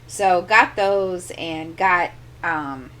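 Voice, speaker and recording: A woman's voice: lowish voice, extremely slow, fairly bright tone. A middle-aged woman hosting a crafting channel, chatting casually at home into a desk microphone and telling a long, exasperated story full of asides. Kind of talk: casual chat.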